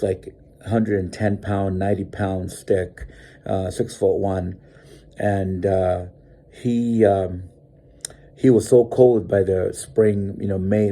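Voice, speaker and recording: A man telling his own survival story in a rambling, animated way, often breaking into the panicked voices he used back then. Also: low voice, vocal fry, husky. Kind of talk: casual spoken storytelling.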